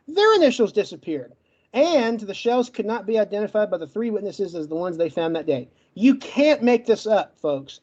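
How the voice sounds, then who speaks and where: A man's voice: sits high, darkish tone, lo-fi sound. Man with a stutter making his case. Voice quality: stutters, gets stuck on words. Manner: argumentative, lays out points in rapid lists. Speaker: debate guest. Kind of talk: podcast debate closing argument.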